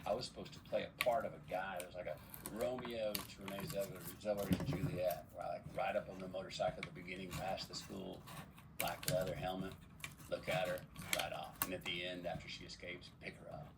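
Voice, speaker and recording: A man's voice: sits low, fast, distant mic, very noisy. A man, a podcast guest, telling long rambling stories in casual chat with lots of restarts. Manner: rambling, animated storyteller with many restarts.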